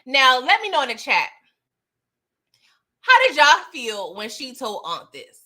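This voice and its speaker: A woman casually recapping a TV episode in slangy, animated talk, laughing often. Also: high voice, unhurried. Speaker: TV recap host.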